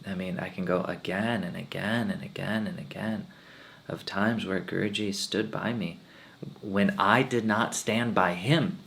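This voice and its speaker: A man's voice: low voice, fairly even intonation, a little slow, gravelly, a bit bright, slight background noise. A man giving a spiritual talk, telling earnest personal stories and quoting his teacher. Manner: earnest storytelling, quotes his teacher in changed voices. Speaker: swami giving satsang.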